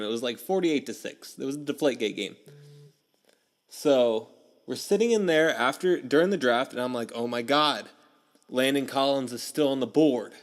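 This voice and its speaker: A young man hosting a casual sports podcast, telling stories with a lot of energy and acting out his own past reactions. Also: mid-range voice. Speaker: podcast host.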